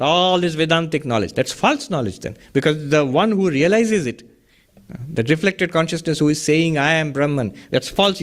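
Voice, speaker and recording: A man giving a philosophy lecture in a study session, explaining step by step with rhetorical questions and Sanskrit terms. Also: on the high side. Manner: chuckles at his own wordplay. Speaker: teacher of a Vedanta study session.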